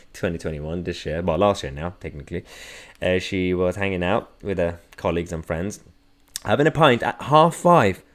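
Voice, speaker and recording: A man hosting a political commentary vlog, talking sarcastically and mockingly with chuckling asides. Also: medium pitch. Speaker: host.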